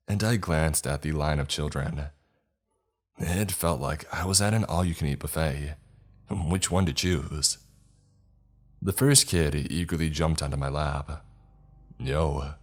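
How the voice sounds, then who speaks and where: A man narrating a scripted horror-comedy story in a dry, sardonic way. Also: a bass voice.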